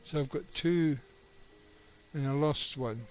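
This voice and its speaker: A middle-aged game streamer rambles casually through live commentary on his game, chatting with viewers and swearing occasionally. His voice is on the high side with a darkish tone, and he speaks slowly. The recording is rough.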